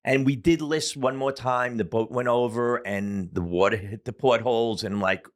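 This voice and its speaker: A man's voice: mid-range voice, steady tone, normal speed. A middle-aged man telling a story as a podcast guest, casual and profane, with many fillers.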